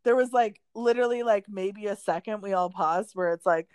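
A woman's voice: medium pitch, normal speed, smooth, no echo. A young woman co-hosting a podcast, telling a story in a casual way with plenty of "like" and laughter. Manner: animated storytelling with frequent "like" and laughter. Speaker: podcast co-host.

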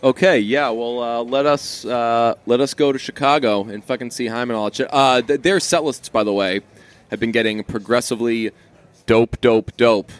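A man co-hosting a podcast, talking in loose, casual chat. He swears constantly and wanders through animated, rambling stories. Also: mid-range voice, moderate pace. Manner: profane, rambling, animated storyteller. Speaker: podcast co-host.

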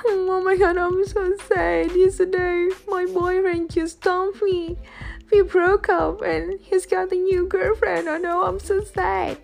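This is a heartbroken young woman, sobbing and whining over a breakup, as a woman acts her out. The voice sits high and thin with tears in it. Faint music plays behind her. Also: flat delivery, measured pace, gravelly, a little mellow, full character voice. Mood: sobbing, sad. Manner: whiny, tearful wailing.

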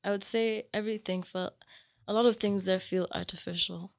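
A young woman from Kenya, chatting casually as a guest and telling animated stories full of fillers. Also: mid-range voice, normal speed, gravelly. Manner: animated storyteller, filler-heavy. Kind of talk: casual chat.

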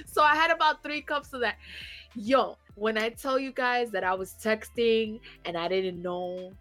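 A woman's voice: fairly high pitch, unhurried, faint music behind. Swearing, laughing woman telling a story. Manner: animated, swearing, laughs through her story. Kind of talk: casual storytelling chat.

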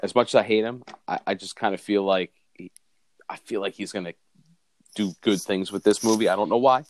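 A man's voice: lowish voice, brisk, a little mellow, a little hiss or hum. A man co-hosting a podcast, chatting in an opinionated way about movies. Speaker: podcast co-host. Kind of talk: casual chat.

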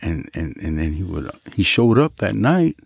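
Male guest, low, lively storyteller, dry close recording. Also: normal speed, vocal fry, slightly rough, dry recording. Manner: animated storyteller, jumps high to act out quoted voices; Christian, speaks of his faith. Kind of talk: casual storytelling interview.

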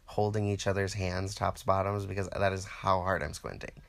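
A man telling a rambling, profane comedic story, quoting other people in animated put-on voices. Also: deep voice, moderate pace, creaky. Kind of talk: casual comedic monologue.

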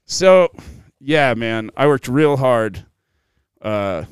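A man telling a story in casual chat, animated and swearing freely, laughing as he goes. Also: medium pitch, drawn-out words, clean tone, no room sound, studio quality. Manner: animated, profane, laughs through his story.

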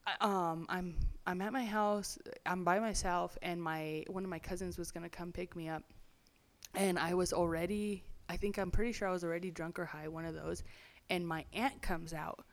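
A young woman with a slightly low voice tells her life story as an interview guest. She talks casually, leaning on "like" and "you know", and slips into quick impressions of people from her past. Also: steady tone. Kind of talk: personal testimony storytelling.

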